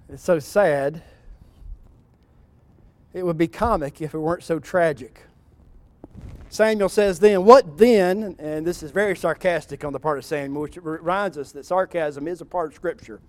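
Animated high-voiced preacher. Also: male voice, normal speed, long pauses. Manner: animated, wry, acting out scripture. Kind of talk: sermon.

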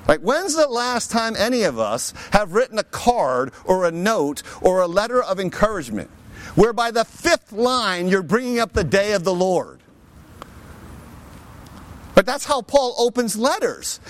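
A man preaching a sermon as pastor, conversational and emphatic, with lively asides to the congregation. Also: sits high.

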